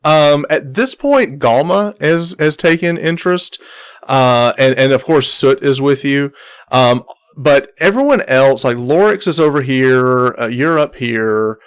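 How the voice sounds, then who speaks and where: A man running a tabletop game and describing the scene. His narration stops and starts, full of "um" and repeated words, at an average middle pitch. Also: lively intonation, measured pace, smooth. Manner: hesitant, many fillers and repeated words. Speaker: game master.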